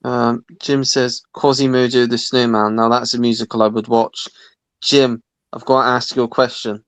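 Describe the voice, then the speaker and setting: A man's voice: medium pitch, little pitch movement, moderate pace, a bit bright, no room sound, rough recording. Joking man hosting a livestream. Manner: joking, teasing, reads viewer comments. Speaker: livestream host reading chat. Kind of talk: casual livestream chat.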